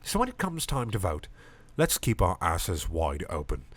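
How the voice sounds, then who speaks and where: A man voicing an earnest, lovestruck male pound coin with an Irish accent, in a high sing-song voice. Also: huge pitch swings, normal speed, slightly rough, dry recording, exaggerated voice. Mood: rousing.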